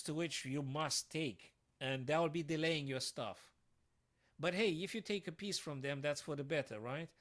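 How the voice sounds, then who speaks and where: A man's voice: fairly high pitch, a bit bright. A man streaming live chess puzzles, thinking aloud to his viewers and breaking into sudden frustrated outbursts.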